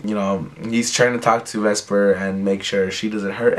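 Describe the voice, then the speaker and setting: A young man retelling an episode in a loose, rambling way, with plenty of fillers. His voice sits fairly low and stays conversational. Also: little pitch movement, normal speed, few pauses, fairly bright tone. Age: young adult. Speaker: recap vlogger. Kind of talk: casual episode recap.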